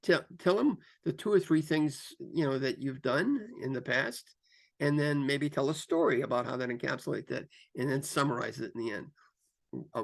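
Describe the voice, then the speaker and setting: Gravelly-voiced man coaching with lively emphasis. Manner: lively, shifts pace and pitch for emphasis; repeats phrases, frequent fillers. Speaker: career coach. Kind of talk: instructional talk to camera.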